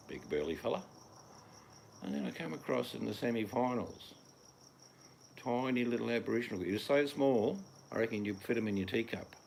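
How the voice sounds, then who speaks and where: An older Australian man with a very low, gravelly voice rambles bluntly through a live chat from home. His delivery is loose and offhand, with the occasional swear. Crickets chirp faintly behind him. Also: slight background noise. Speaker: livestream host reading chat. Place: at home in the evening.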